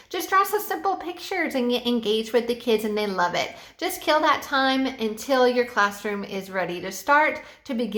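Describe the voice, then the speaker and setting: A woman who teaches English online, giving a relaxed, chatty tutorial with a few fillers. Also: on the high side, echoey room. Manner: bubbly sing-song teacher voice when quoting her class. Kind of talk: casual tutorial vlog.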